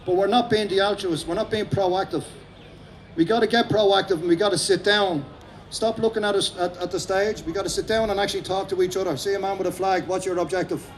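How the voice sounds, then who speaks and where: Fast-talking Irish man rallying a crowd. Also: sits high, steady tone, a little hiss or hum. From Ireland. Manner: fast-talking, repetitive, rousing. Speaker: speaker at a rally. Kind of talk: impassioned outdoor rally speech. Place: outdoor park rally.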